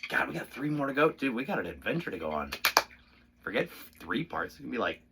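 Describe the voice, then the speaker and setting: A man's voice: mid-range voice, very animated, a little fast, creaky, noisy background. A male drummer talking casually through drum rudiments in a loose, profane, rambling way, stopping to count the beats aloud. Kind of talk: casual spoken demonstration. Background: drum pad playing.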